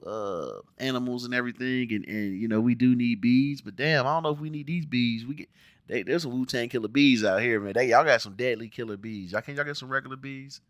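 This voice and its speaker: A man's voice: medium pitch, fairly quick, dry recording, clean studio sound. A man from the Cincinnati area with an American accent, ranting bluntly and with plenty of profanity in a casual show review, putting on mock voices. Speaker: TV review vlogger.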